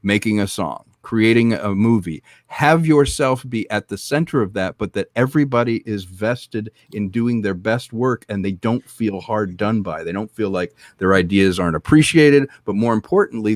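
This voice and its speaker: Filmmaker guy on a podcast, lowish voice, thoughtful and preachy-ish advice, dry sound. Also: moderate pace, hardly any pauses, no room sound. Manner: reflective, giving advice. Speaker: filmmaker guest. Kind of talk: casual podcast discussion.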